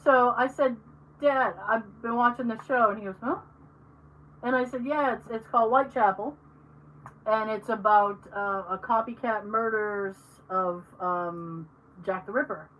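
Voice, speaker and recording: A woman's voice: on the high side, moderate pace, slight background noise, poor audio. A woman hosting a podcast, telling stories in casual chat and acting out what family members said. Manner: animated storyteller, acts out family members. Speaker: podcast host.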